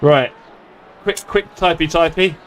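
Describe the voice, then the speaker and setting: Speaking at an unhurried pace in a fairly high voice, this man banters and pokes fun at himself during a sim race livestream. His manner is chatty and self-deprecating, picked up by a desktop streaming mic.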